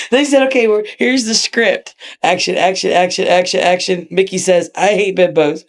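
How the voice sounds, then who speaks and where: A woman's voice: fairly low pitch, moderate pace. A middle-aged woman, a wrestler as a guest, telling stories in casual, profane chat and laughing often.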